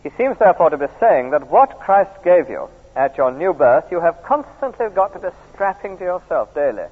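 A middle-aged preacher giving a sermon, often drawing listeners in with tag questions like "isn't it". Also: male voice, a little high, very animated, moderate pace, husky. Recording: tinny archive recording in a reverberant church.

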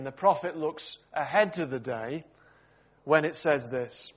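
A man preaching a sermon, telling a story expressively with big swings in loudness. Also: a little high.

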